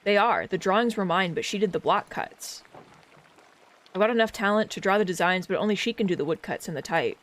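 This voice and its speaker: A woman reading the lines of a friendly middle-aged male printer in a game, quickly and plainly. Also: mid-range voice, close to an everyday voice.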